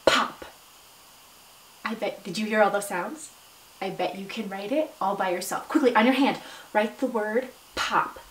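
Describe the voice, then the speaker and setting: A woman teaching a phonics lesson to young children, slow and encouraging, stretching out word sounds, with bursts of excited praise. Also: medium pitch, distant mic. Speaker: substitute teacher. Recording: echoey room, voice from off-mic.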